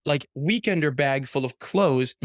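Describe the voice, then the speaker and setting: A young man in his twenties, a guest on an interview show, telling a story in a casual, animated way with lots of "like" and acted-out quotes. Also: medium pitch, a little slow, no room sound, studio quality. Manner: animated storyteller, heavy use of "like", acts out quotes. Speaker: professional baseball pitcher, guest.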